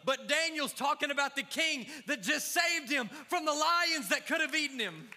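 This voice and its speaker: High, bright-voiced preaching pastor. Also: male voice, lively intonation, moderate pace, a little hiss or hum. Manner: fervent preaching with crowd call-outs. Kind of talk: sermon. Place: church sanctuary. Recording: long church reverb.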